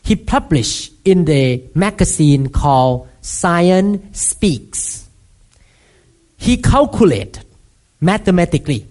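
A woman's voice: fairly low pitch, sing-song, takes it slowly, darkish tone. Thai-accented lady pastor preaching, keeps asking the church questions, middle-aged. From Thailand. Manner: emphatic, asks the congregation frequent rhetorical questions. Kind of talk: sermon.

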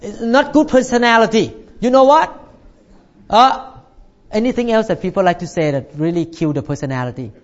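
A man's voice: high voice, fairly quick, muffled recording. A male pastor delivering a sermon in slightly non-native English phrasing, emphatic and punctuating his points with "Amen".

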